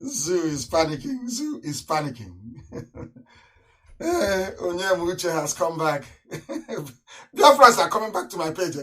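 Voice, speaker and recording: A man's voice: high-pitched, very animated, unhurried, long pauses. Fiery man broadcasting live. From Nigeria. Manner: fiery, repetitive, swings from shouting to mocking laughter. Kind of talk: live impassioned radio broadcast.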